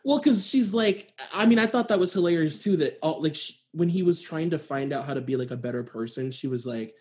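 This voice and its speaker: Animated young woman mocking a movie. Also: low-pitched, a little fast. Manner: animated, mocking, acts out quotes. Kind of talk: casual movie review chat.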